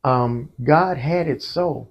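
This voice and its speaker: A man's voice: medium pitch, slow pace, highs cut off. A man, a church musician, telling his life story to an interviewer and acting out the voices of people in it. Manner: storytelling, acts out quoted voices. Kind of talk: conversational testimony.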